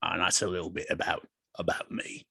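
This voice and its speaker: A man voicing a plain male carriage driver with a low, halting, hesitant delivery. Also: fairly even intonation, vocal fry, pushed and bright, slightly rough, no room sound, full character voice. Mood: subdued.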